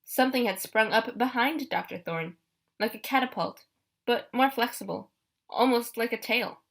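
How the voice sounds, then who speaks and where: A woman reading a first-person adventure audiobook in a brisk, expressive storytelling way. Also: on the high side, vocal fry. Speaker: audiobook narrator.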